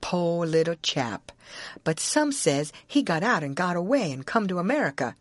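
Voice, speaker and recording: Woman audiobook narrator, low voice, dry close recording, first-person storytelling. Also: very animated, normal speed, no room sound. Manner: storytelling in a plain boy's rural dialect.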